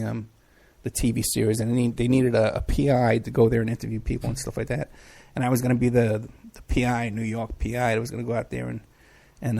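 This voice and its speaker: Middle-aged man, talk host, rambling chat, gravelly voice, medium pitch. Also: a little mellow. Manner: rambling, chatty, frequent hesitations. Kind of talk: casual livestream chat.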